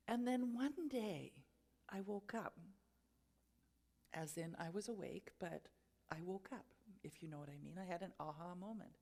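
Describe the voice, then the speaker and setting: A spiritual speaker delivers a sermon at a spiritual centre, sharing a personal story reflectively and guiding listeners gently, occasionally laughing at herself. Her voice is lowish and her pace moderate.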